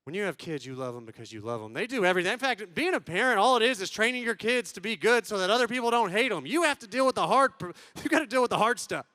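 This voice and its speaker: A man in his thirties telling funny stories to a conference crowd, acting out quotes and swinging from loud bursts to hushed tones. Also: sits high, animated, fast, hardly any pauses, no echo. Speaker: conference speaker. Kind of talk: comedic storytelling talk.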